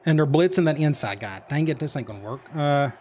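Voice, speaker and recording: A man's voice: on the high side, expressive, brisk, a little mellow, a little hiss or hum. A man casually narrating his own football video game, muttering play calls and reacting as he goes. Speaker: gaming commentator. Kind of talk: casual let's-play commentary.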